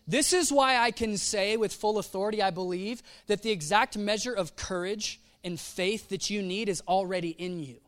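A man preaching a sermon in a casual, animated way, full of slang and acted-out asides. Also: high-pitched, moderate pace, few pauses. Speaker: pastor.

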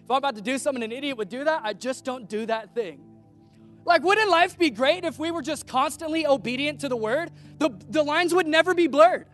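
High-voiced man preaching casually. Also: brisk, soft background music. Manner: animated storytelling, acting out quoted voices. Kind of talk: casual conversational sermon.

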